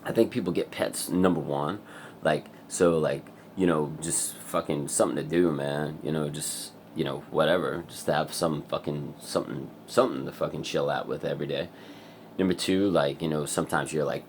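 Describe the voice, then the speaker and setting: In a loose, rambling vlog, a man with a very deep, low voice talks fairly quickly to camera with fairly even intonation. He seems wired and restless, swearing constantly and laughing repeatedly, and a faint hiss lies under his voice.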